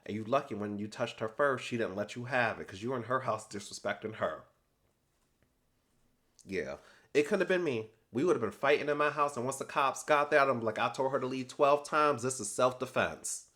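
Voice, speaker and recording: A young adult man recapping a reality TV episode in casual commentary, animated and sassy, acting out people's lines with slangy asides. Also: medium pitch, normal speed.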